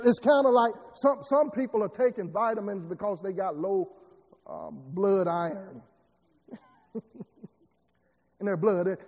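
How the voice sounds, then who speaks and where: A man's voice: high voice, darkish tone. A man preaching a sermon, repeating words and building emphatic rising lines. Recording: long hall reverb.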